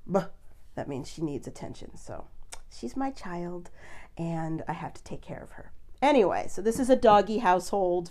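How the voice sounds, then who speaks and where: A woman's voice: lowish voice, darkish tone. A woman hosting a podcast, telling a story in casual chat with frequent laughs. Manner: chatty storyteller, laughs often. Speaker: podcast host.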